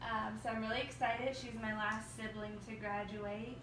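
A woman's voice: fairly high pitch, level tone, normal speed, a crowd in the background. A young woman hosting a nail salon livestream in a casual chatty way, reading viewer comments aloud. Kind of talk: casual livestream chat and demo. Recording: echoey room, distant mic, noisy.

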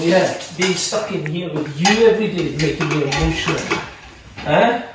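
With a high-leaning voice at normal speed, this Scottish-accented chef chats and teases his children while showing how to cook at home. The recording is very noisy, with pans clattering in an echoey kitchen and the mic well away from him.

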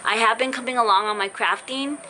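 A woman's voice: on the high side, a little fast, pushed and bright, a little hiss or hum, rough recording. Earnest apologetic woman vlogging, voice cracking. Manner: apologetic, earnest, rambling with fillers. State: voice cutting in and out after illness. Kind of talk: casual heartfelt vlog talk to viewers. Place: in a car.

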